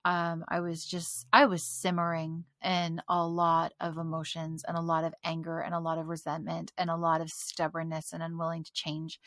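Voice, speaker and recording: Woman on a podcast telling her testimony, lots of laughing, super animated, dry close sound. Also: deep voice, moderate pace, hardly any pauses, dry recording. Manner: animated storytelling, laughs often. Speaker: podcast guest. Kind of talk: casual faith testimony.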